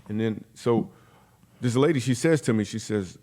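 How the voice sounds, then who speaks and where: A man, a comedian guest, telling a comic story in a podcast interview with animated, punchy delivery and quick character voices. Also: fairly low pitch.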